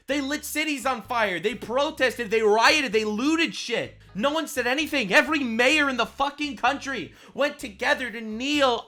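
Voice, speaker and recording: High, bright-voiced ranting man. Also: lively intonation, a little slow. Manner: profane, sarcastic, angry outbursts. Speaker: online commentator. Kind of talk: ranting political commentary.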